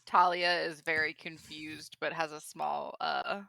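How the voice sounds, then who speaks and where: A woman in a tabletop game describes her character's reactions in a low voice. Her voice has a gravelly fry to it, recorded dry and close. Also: level tone, measured pace, pushed and bright, no echo. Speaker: player. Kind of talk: casual tabletop role-play.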